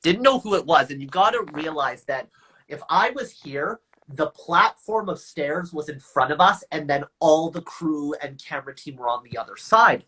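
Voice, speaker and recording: A man in his twenties, a guest telling stories in a live video chat with high energy and a playful, self-mocking manner. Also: animated, normal speed, sharp tone, husky.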